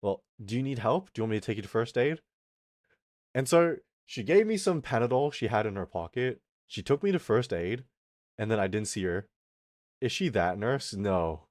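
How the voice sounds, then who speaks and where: A young adult streamer, male with a lowish voice, tells a swearing, animated, rambling story at a moderate pace, acting out other characters with quoted lines. The audio is dry and clean, like a studio.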